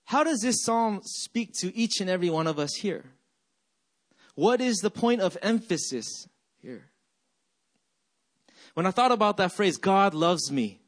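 A man preaching a sermon, reading scripture and then reflecting aloud with many rhetorical questions. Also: high voice. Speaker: pastor.

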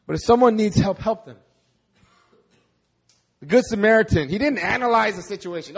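Animated preacher with a slightly high voice. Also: male voice, brisk, gravelly. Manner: animated, acts out quoted voices, repeats words when stressing. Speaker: pastor. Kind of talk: sermon. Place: church service.

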